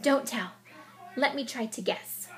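A woman voicing an eager, cheerful little female mouse in a storybook read aloud, with a squeaky, hopeful manner. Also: unhurried, a bit bright, faint music behind.

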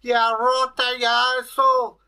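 A man's voice: very high voice, completely flat delivery, a little slow, pushed and bright, clean tone, pitched above the performer's own voice, heavily acted. A man voicing a grumbling, put-upon male water-horse spirit with a put-on Scottish accent, whining and complaining.

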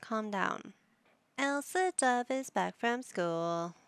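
Slow-talking woman with a gravelly edge. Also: a little high, expressive, no room sound. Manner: talks to her game characters like a playful parent. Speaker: gaming YouTuber. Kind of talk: casual gameplay commentary.

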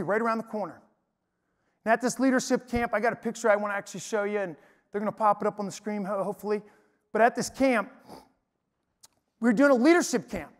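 A man preaching to an audience in an energetic, emphatic storytelling way. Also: very high-pitched. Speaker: speaker. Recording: long hall reverb.

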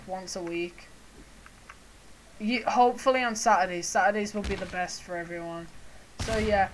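A young woman, co-manager of a gaming channel, introduces it casually and haltingly, with many fillers. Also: mid-range voice, slight background noise, low-quality recording.

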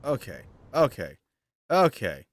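A man's voice: medium pitch, huge pitch swings, takes it slowly. Exasperated man muttering over a game. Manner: frustrated, exasperated, cursing, mutters to himself. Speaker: gaming streamer. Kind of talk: let's-play commentary.

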